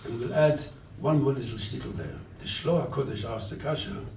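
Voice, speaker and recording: Distant rabbi preaching in echoey hall. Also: male voice, medium pitch, big pitch swings, a little fast, darkish tone, slight background noise. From England. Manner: storytelling, quotes scripture and acts out dialogue. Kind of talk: sermon at a charity event. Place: event hall. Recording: echoey room, distant mic.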